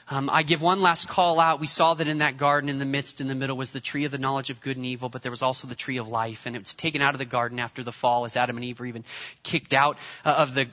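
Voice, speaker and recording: A man delivering a sermon as pastor, lively and conversational, dropping into comic voices now and then. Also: mid-range voice, long reverb tail, muffled recording. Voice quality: bright, animated delivery with jokey put-on voices. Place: church.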